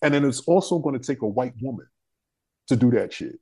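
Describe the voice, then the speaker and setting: Husky young guy on a panel, cussing a lot, fired up and emphatic. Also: medium pitch, brisk. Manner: profane, animated and emphatic. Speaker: panel discussion regular. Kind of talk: casual storytelling on a discussion panel.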